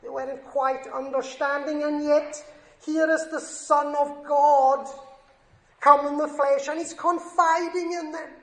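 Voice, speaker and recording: A man's voice: extremely high pitch, flat delivery, measured pace. A man preaching a sermon in an earnest, emphatic way, lifting his voice on scripture quotes. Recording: echoey room.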